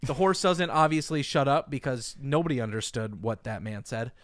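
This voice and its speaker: A man's voice: medium pitch, normal speed, no room sound, studio quality. A man co-hosting a casual comedic podcast, telling stories with animation and stammering restarts. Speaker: podcast co-host.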